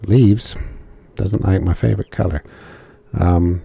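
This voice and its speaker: A man's voice: deep voice, moderate pace, vocal fry, mellow, slightly rough, dry recording. A man giving casual, joking commentary while playing a video game, talking to himself as he goes. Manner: chatty, joking asides to himself. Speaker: gamer.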